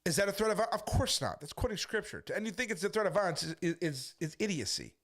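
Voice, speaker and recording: A man's voice: high-pitched, very animated, quick pace, a bit bright. A man talking to camera as a street preacher, defensive and storytelling, acting out the people he quotes. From United States. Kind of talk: casual monologue to camera.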